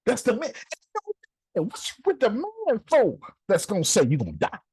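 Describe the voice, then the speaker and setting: A man's voice: high-pitched, huge pitch swings, moderate pace, darkish tone, slightly rough, no echo. A man teaching a group class in a preachy, playful way, acting out little scenes, with speech. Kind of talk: animated group teaching talk.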